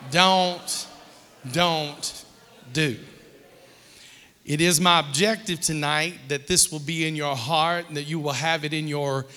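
A man's voice: fairly high pitch, sharp tone. A man preaching a sermon as pastor to a congregation in a church. He leads call-and-response and adds joking asides. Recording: long reverb of a large hall.

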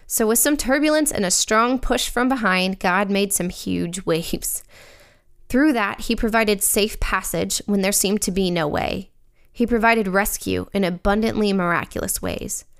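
A woman giving an earnest, reflective scripted devotional reading. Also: mid-range voice. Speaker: devotional speaker.

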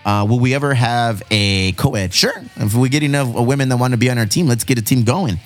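A man's voice: mid-range voice, a little fast, soft background music. Laid-back Southern Californian man chatting. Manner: laid-back, profane, rambling with restarts. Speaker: podcast host. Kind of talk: casual podcast chat answering listener questions.

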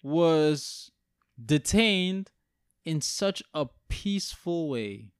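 Young man, casual chat, animated and profane, slightly high voice, dry close sound. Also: very slow, clear, resonant tone, dry recording. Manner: animated, profane, rants with heat.

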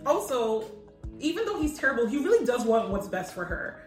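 A woman co-hosting a casual podcast, chatting in an animated way, laughing often and acting out quotes. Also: on the high side, a little fast. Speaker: podcast co-host. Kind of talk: casual chat. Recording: echoey room, a bit far from mic, faint music.

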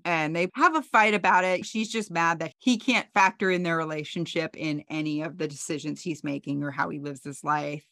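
A woman co-hosting a podcast, casually recapping a TV episode with animated storytelling and playful quoted voices. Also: sits low, normal speed, few pauses, dry recording, clean studio sound. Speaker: podcast co-host.

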